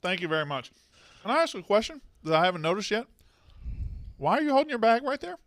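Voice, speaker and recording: A man's voice: high-pitched, very animated, fast, a bit bright, no echo. A man hosting a sports call-in show, brash and joking as he takes callers. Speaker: radio show host taking calls.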